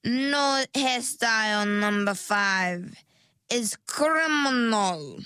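A woman's voice: a little high, expressive, sharp tone, clean tone, no room sound, full character voice. A woman voicing a pushy, theatrical mermaid hair stylist in a storybook, drawing her words out. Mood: stern. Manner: slow, drawn-out, grandly persuasive sales talk. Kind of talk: storybook character voice.

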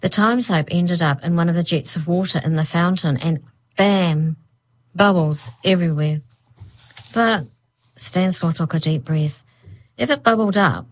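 Low-voiced woman reading a storybook. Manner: reads with voiced characters. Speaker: audiobook narrator. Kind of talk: storybook narration.

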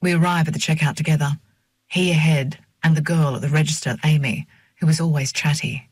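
A woman narrating a first-person novel in a measured, reflective reading voice on a close mic. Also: low voice, steady tone, a little mellow, breathy edge, no echo. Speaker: audiobook narrator.

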